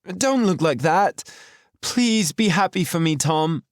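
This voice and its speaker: Man putting on a young girl's voice, high and pleading, lively lilt, dry close sound, audiobook. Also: takes it slowly, no room sound. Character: young girl, eager and tearful.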